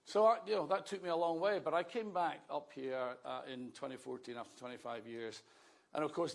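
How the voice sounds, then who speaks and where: Scottish man in his fifties, slightly gravelly, telling life stories to an audience with dry humour. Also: mid-range voice. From Scotland. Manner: conversational storyteller, wry asides. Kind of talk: public speech, anecdotal.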